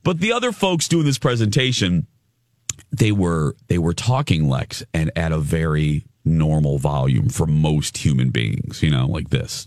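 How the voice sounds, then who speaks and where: A male radio host chatting on air, telling a story in an animated, rambling way with lots of restarts. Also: a bass voice, unhurried, no room sound, studio quality. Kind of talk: casual on-air chat.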